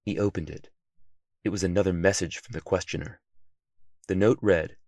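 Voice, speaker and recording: A man narrating a children's story in an expressive, animated reading voice. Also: low-pitched, moderate pace, pauses often, dry recording, studio quality.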